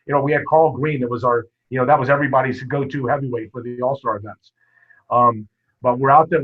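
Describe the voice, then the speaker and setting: A man, a wrestling coach, telling stories in a casual interview, lively and full of quoted dialogue. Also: mid-range voice, slightly rough. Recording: muffled lo-fi podcast audio.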